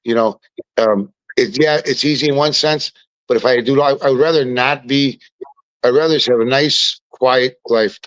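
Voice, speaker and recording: A man, a podcast guest telling stories in casual chat, animated and often restarting his words. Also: mid-range voice, moderate pace, no room sound, poor audio.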